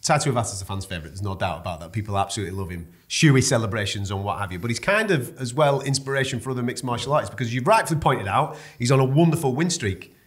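A man presents a sports preview show at a quick clip. He is chatty and brisk, keeping the conversation moving between his guests. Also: medium pitch, lively intonation. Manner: brisk, chatty, steers the panel.

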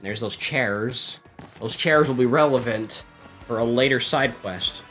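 A man's voice: mid-range voice, measured pace, fairly bright tone, soft background music. A man streaming a game, casual and muttering, laughing at his own slips. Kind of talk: let's play commentary, reading dialogue aloud.

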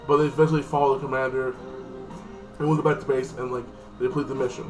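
A man's voice: mid-range voice, level tone, fast talker. A man giving a casual, rambling spoken recap and review of a TV episode, full of fillers and restarts. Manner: rambling, filler-heavy, lots of "like". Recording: distant mic with loud music.

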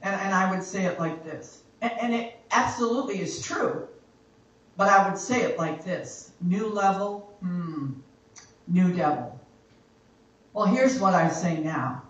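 A woman worship leader giving a spoken exhortation in a church, slow and emphatic, repeating her phrases for effect. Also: mid-range voice, expressive, a bit bright, lo-fi sound. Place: church sanctuary. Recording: very echoey church hall from far off.

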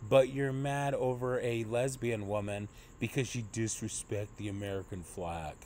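A man's voice: fairly low pitch, fairly even intonation, moderate pace, a little mellow, slight background noise. A young man giving a profane, exasperated political rant as a commentary vlogger, mocking and blunt.

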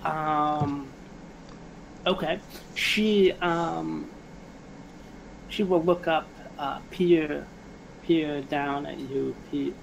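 A game master narrates a tabletop game very slowly, stopping often on ums and uhs. A faint hiss runs under the voice. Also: medium pitch, steady tone, vocal fry. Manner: hesitant, many ums and uhs.

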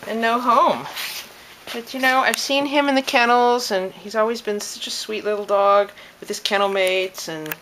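A young woman in her twenties who works at an animal shelter, talking gently and casually about a dog. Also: fairly high pitch, fairly even intonation, normal speed, slight background noise, poor audio. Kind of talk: casual chat.

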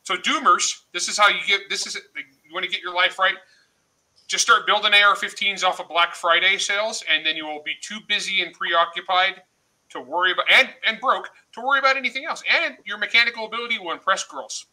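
A middle-aged man chatting loudly on a livestream, joking and laughing often. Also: high-pitched, brisk, poor audio. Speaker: guest author. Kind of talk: casual livestream chat.

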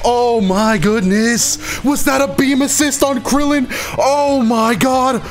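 A man reacting excitedly as a gaming YouTuber, exclaiming and repeating phrases over and over. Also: very high voice, takes it slowly, few pauses. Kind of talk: excited live reaction commentary.

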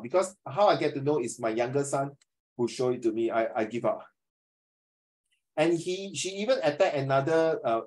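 A man's voice: mid-range voice, darkish tone, rough recording. A middle-aged male teacher, chatting animatedly with his class over a video call and slipping into Mandarin phrases. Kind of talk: online class discussion.

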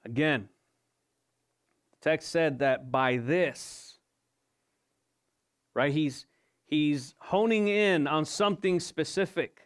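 A man's voice: fairly high pitch, slow pace, pauses often, clear, resonant tone. A male pastor giving an evening sermon, asking rhetorical questions and repeating his points for emphasis. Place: church service.

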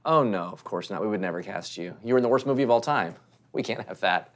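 A woman's voice: rumbling low, animated, quick pace. An actress playing a condescending casting director who is patronizing to the auditioner, then gushes over her, then brushes her off. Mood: dismissive. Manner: patronizing, then starstruck and gushing.

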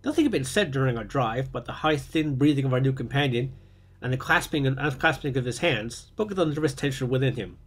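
A man reading a story aloud, steady, with occasional small slips. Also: medium pitch, a little fast, breathy edge. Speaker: reader.

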